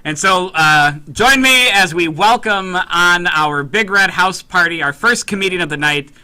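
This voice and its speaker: A man hosting a fundraiser event, introducing a comedian with lively, joking remarks and filler uhs. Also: sits high, measured pace, clear, resonant tone. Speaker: event host.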